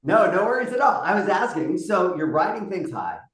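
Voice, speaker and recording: Man, casual interviewer, animated pitch, filler-heavy, roomy echo, away from mic. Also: fairly quick, far from the mic. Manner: chatty, lots of "like" and "right". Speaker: podcast host.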